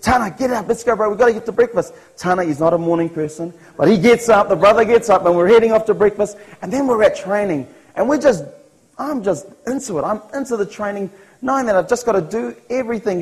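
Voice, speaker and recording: Over poor audio, a man with a high-pitched, slightly mellow voice and a New Zealand accent shares his personal testimony as a sermon. He's earnest, acting out his own thoughts and chuckling at himself.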